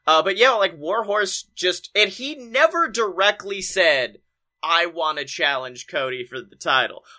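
A man co-hosting a casual podcast chat, excitable and swearing freely, acting out quotes with loud outbursts. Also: sits high, a little slow. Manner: excitable, swears a lot, acts out quotes with big shouts. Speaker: podcast co-host. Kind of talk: casual chat about wrestling.

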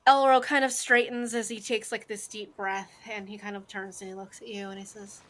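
A woman's voice: mid-range voice, flat delivery, brisk, hardly any pauses, a bit bright, a little hiss or hum. A woman narrating as game master in a tabletop game, loose and hesitant, with many fillers.

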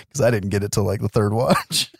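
A man's voice: fairly low pitch, gravelly, breathy edge, no echo, clean studio sound. A man casually recapping a movie on a podcast, laughing often and acting out characters. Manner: laughs often, acts out characters in silly voices. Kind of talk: casual comedic chat.

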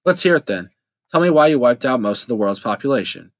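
A man voicing a defiant young woman who speaks in a cool, sharp, accusing way. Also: medium pitch, lively intonation, fast talker, dry recording, natural voice. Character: defiant young woman confronting her mother. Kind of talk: audiobook character voice.

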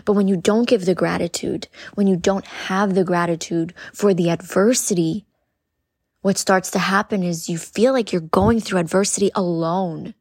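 A woman's voice: lowish voice, fairly even intonation, normal speed, darkish tone, husky, no room sound, clean studio sound. A woman podcast host giving an earnest spiritual coaching talk, repeating phrases and speaking directly to her listeners.

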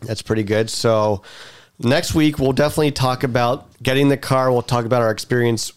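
A man's voice: mid-range voice, fairly quick, smooth. A man co-hosting a casual podcast, joking around and leading the show's segments. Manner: relaxed, jokey, runs the show's segments. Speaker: podcast co-host. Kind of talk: casual chat.

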